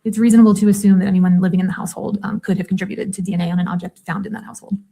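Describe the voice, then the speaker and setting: A woman's voice: medium pitch, steady tone, racing, vocal fry, mellow, slightly rough. A woman testifying in a courtroom as a forensic DNA analyst, giving terse, precise technical answers.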